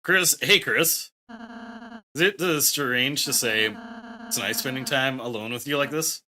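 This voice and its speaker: A man voicing a gentle, shy young male goat-like prince who speaks softly and hesitantly, often stammering. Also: mid-range voice, measured pace, crowd noise, close to an everyday voice, rough recording. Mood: tender. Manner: soft-spoken, hesitant, stammering. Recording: faint game music behind.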